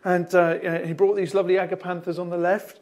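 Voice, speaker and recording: A man's voice: high voice, little pitch movement, a little fast, darkish tone. A male pastor with an Australian accent, telling a rambling anecdote in a sermon with lots of restarts and chuckles. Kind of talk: storytelling sermon.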